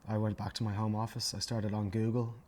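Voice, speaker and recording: Irish guy, lowish flat voice, quiet and reflective. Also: brisk, a little hiss or hum. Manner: reflective, subdued. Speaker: interviewee. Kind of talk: documentary interview.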